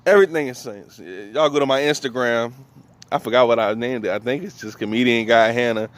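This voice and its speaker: Fairly quick and mid-pitched, this stand-up from New Orleans, USA, spins comic stories full of slang in his local accent. He keeps laughing between lines as he goes.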